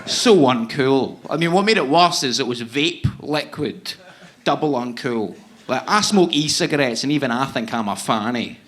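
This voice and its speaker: A male stand-up comedian on stage, telling jokes with punchy, deadpan timing and laughing asides. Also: medium pitch, normal speed. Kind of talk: stand-up routine. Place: live comedy venue on stage.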